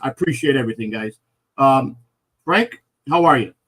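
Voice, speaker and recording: A man's voice: medium pitch, lively intonation, normal speed, fairly bright tone, slightly rough. A man hosting a live comedy talk show, talking casually with lots of fillers and restarts. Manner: rambling, filler-heavy. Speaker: host.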